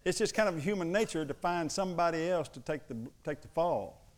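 Telling personal stories from the pulpit, this pastor slips into the voices of his family as he preaches. He speaks a little fast, in a slightly high voice.

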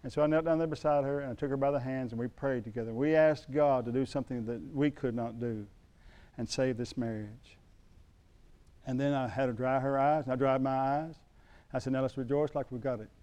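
A middle-aged man preaching a sermon, telling a personal story in a folksy way that swings from loud to hushed. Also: mid-range voice, steady tone, fairly quick. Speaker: pastor.

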